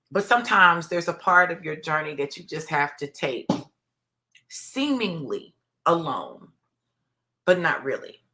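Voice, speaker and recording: Casting: woman, 50s, low bright voice, heartfelt minister sharing testimony live on her phone. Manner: heartfelt, conversational, preacher-like, many fillers. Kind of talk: emotional personal testimony, live stream.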